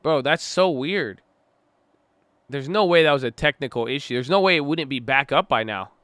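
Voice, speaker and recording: A man giving casual live commentary on the stock market, excitable and easily startled, joking about conspiracy theories. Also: medium pitch, moderate pace, no echo. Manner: excitable, jumpy, laughs when startled. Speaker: market livestreamer.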